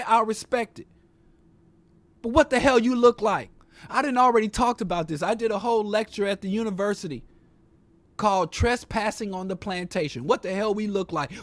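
A man's voice: sits high, no echo. A man delivering an impassioned, profane political monologue with a preacher-like cadence and rhetorical questions.

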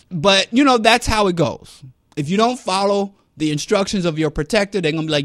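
Man, middle-aged; animated solo commentary with a high-ish voice, recorded close and dry. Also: normal speed, dry recording. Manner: animated, swings between loud and muttered. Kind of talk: casual monologue.

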